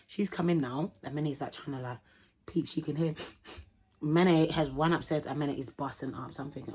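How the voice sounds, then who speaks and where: A young woman telling a vlog storytime in animated, slangy talk, acting out the people in it. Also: low voice, a little fast, husky. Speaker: vlogger.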